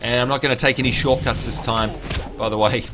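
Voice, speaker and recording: A man's voice: medium pitch, fairly even intonation, fairly quick, background noise. A man chatting casually through a live gameplay stream, talking to his viewers and grumbling at bugs. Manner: chatty, exasperated at bugs, talks to chat. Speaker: game livestreamer.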